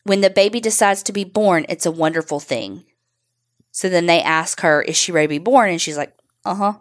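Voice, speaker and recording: A woman's voice: fairly low pitch, brisk. A woman co-hosting a podcast, telling a true crime story casually and bluntly, reading out quotes and swearing along the way.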